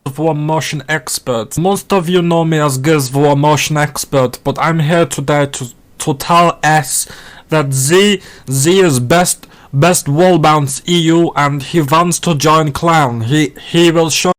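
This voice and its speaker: A man voicing a pompous male self-styled gaming motion expert in a mock German accent, boasting in halting phrases. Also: a little high, fairly even intonation, voice pushed up, close to an everyday voice. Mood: boastful.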